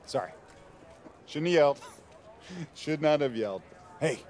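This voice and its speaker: A man's voice: on the high side, sing-song, normal speed, slight background noise. An actor playing a goofy, relentlessly upbeat male basketball coach in a video game. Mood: sheepish. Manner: forced cheerfulness, jokey.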